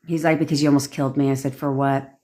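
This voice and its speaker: A woman's voice: very deep voice, level tone, fast talker, warm tone. A woman, a manifestation coach, telling a story in a casual live-stream rant, swearing freely and repeating points for emphasis.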